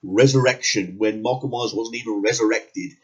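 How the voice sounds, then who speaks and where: A man's voice: lowish voice, normal speed, darkish tone, lo-fi sound. A man ranting angrily about a movie as a reviewer, swearing constantly and repeating words for emphasis. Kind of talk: angry profane movie rant.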